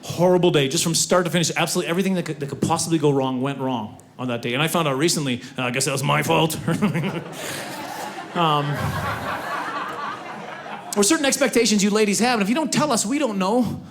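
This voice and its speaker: A man's voice: a little high, quick pace, slight background noise. A man in his forties doing stand-up comedy on a stage, self-mocking and talking straight to the audience. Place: theater stage before a live audience.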